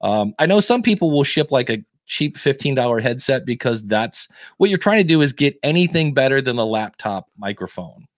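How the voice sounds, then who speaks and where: Lively, talkative male podcast guest. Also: medium pitch, fairly quick, hardly any pauses, no echo, clean studio sound. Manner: explanatory, animated, practical advice. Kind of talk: casual podcast conversation.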